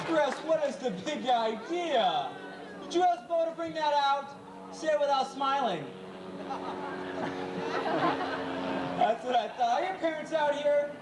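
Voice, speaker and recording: A man's voice: very high-pitched, animated. Male stage trainer, teasing showman patter, taped from afar in a noisy, roomy venue. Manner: playful, jokey, gives quick dog commands. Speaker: animal trainer and show host. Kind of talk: live stage show patter. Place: live animal show before an audience. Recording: echoey, distant, crowd noise, amateur camcorder. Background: audience cheers and laughter.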